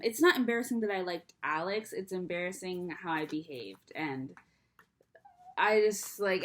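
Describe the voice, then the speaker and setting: A woman's voice: fairly low pitch, slight background noise. A young adult woman chatting casually to camera, rambling and self-deprecating, with a slight lisp from braces. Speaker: vlogger.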